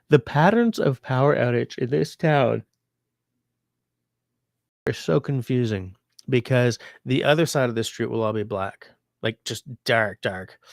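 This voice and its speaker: A man's voice: medium pitch, creaky, no room sound, studio quality. A sick man hosting a livestream from home, chatting casually and reading viewer comments aloud in a rambling, easygoing way. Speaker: livestream host.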